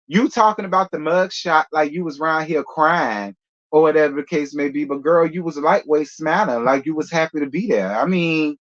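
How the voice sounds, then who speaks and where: Brief: opinionated gossip host, loose and rambling, mid pitch, lo-fi recording. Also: a bit bright. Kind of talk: casual gossip commentary.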